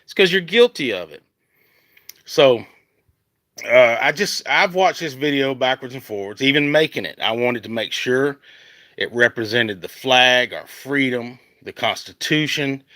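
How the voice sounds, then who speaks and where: A Southern American country singer rants on a phone livestream outdoors in the heat, heated and rambling, restarting and circling back to his point repeatedly. His mid-range voice is bright, forceful, and animated yet unhurried, and the phone at arm's length gives a dry, close sound with no room around it.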